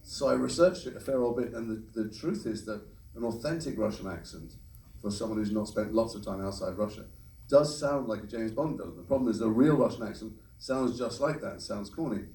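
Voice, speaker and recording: A man, a voice actor on a convention panel, answering audience questions in a quick, rambling way. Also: lowish voice, warm tone. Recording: echoey hall, distant mic, faint noise.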